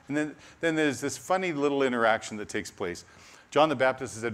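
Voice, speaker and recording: A man preaching a sermon, animated with laughing asides, dropping to a soft hush on key lines. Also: medium pitch, moderate pace.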